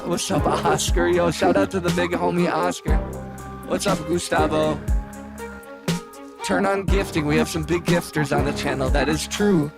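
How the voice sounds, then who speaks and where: Laid-back man with a gravelly voice. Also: fairly high pitch, steady tone, moderate pace. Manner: laid-back, rambling, reads chat aloud and jokes. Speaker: livestream host and music producer. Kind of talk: casual livestream chat. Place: home studio. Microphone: studio microphone. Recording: music playing under the voice. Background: music playing.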